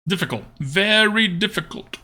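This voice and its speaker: A man's voice: high voice, lively intonation, normal speed, sharp tone. A man streaming a card game, thinking aloud about his plays and chatting casually with viewers.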